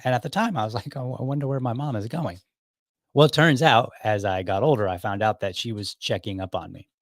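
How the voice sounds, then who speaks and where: A man's voice: medium pitch, no room sound. A middle-aged man from Ohio telling stories about his childhood in a casual, rambling way, correcting himself as he goes and acting out quotes. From Ohio, United States. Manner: rambling, self-correcting storyteller who acts out quotes. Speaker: podcast host. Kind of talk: casual storytelling monologue.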